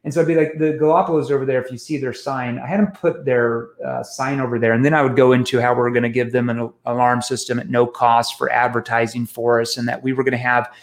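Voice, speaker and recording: An animated man is telling sales stories as an interview guest, poking fun at himself as he goes. He often restarts his sentences. His voice sits at an ordinary pitch for a man. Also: fast talker, few pauses. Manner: animated, self-mocking anecdotes with many restarts. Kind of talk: storytelling in a casual interview.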